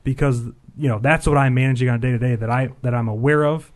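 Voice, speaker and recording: A man's voice: mid-range voice, fairly even intonation. A man chatting casually about parenting and his memories, rambling and loose. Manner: quick, rambling, casual swearing. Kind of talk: casual chat.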